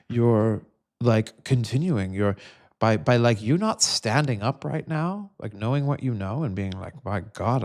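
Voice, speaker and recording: A man hosting his own show, delivering an angry, profane political monologue full of fillers and restarts. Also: lowish voice. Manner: ranting, profane, halting with many fillers. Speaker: host.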